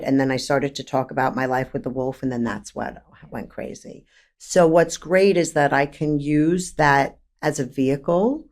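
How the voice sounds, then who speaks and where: A woman in her fifties with a New York accent, a therapist speaking as a podcast guest, frank and animated, laughing often and stacking emphatic lists. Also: very deep voice. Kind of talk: candid conversational interview.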